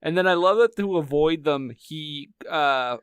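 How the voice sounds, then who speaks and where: A man's voice: on the high side, measured pace, fairly bright tone, smooth, dry recording, clean studio sound. Wry, sarcastic male podcast co-host. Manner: wry, sarcastic banter with mock scolding bits. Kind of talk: casual movie-review chat.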